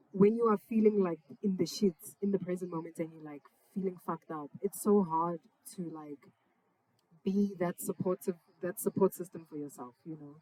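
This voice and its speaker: A woman's voice: lowish voice, a little mellow, no room sound, poor audio. A young woman, a singer-songwriter, chatting casually and affectionately between songs at a live session, full of slang and swearing. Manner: laid-back, slangy, affectionate, swears freely. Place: parents' backyard, outdoors.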